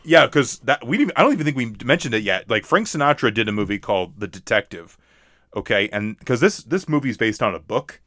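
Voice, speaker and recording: A man in casual movie chat who rambles, stacking fillers and restarting his sentences. His voice sits in an ordinary middle pitch. The sound is dry and close, with no room around it. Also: expressive, fairly quick, a bit bright, no room sound. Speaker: podcast co-host.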